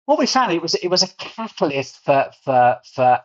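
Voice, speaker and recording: A man's voice: on the high side, big pitch swings, normal speed. A middle-aged man with a London accent, telling stories as an interview guest and often repeating words as he gets going. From England. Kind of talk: storytelling interview. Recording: muffled lo-fi audio.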